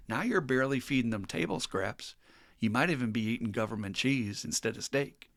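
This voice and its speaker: A man hosting a podcast, telling stories in a casual, animated and profane way. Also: medium pitch, a little fast, no echo, clean studio sound. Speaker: podcast host. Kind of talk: casual chat.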